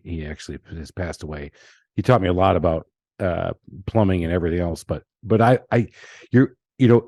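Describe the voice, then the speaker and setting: A deep-voiced man with a Southern US accent hosts a casual podcast. He rambles through stories with restarts and frequent laughter. The sound is dry and close. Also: dark tone, dry recording. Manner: chatty storyteller, laughs often, lots of restarts. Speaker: podcast host. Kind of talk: casual chat.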